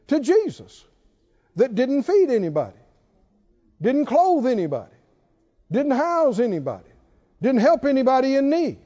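A man's voice: very high voice, mellow, muffled recording. A man preaching a sermon, emphatic and driving his points home with repeated rhetorical questions.

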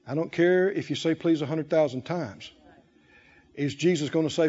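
A man's voice: a little high, normal speed, dull audio. A man preaching a sermon, telling stories dramatically and acting out the voices of the people in them. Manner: dramatic storytelling, acting out voices, shouting peaks.

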